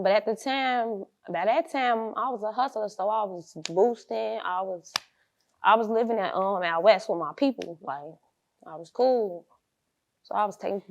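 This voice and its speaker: A woman's voice: mid-range voice, pushed and bright, highs cut off. A young woman, an interview guest, telling her life story bluntly in street slang and acting out the people she quotes.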